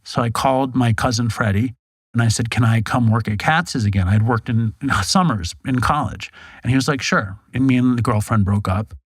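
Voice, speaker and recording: A man's voice: mid-range voice, moderate pace, slightly rough, dry recording. A middle-aged man from New York, a podcast guest telling his story in a frank, self-deprecating way with casual swearing. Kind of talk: candid storytelling interview.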